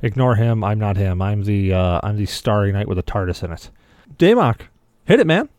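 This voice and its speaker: A man hosting a podcast, telling rambling, animated stories in casual chat. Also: lowish voice, brisk, smooth, dry recording. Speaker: podcast host.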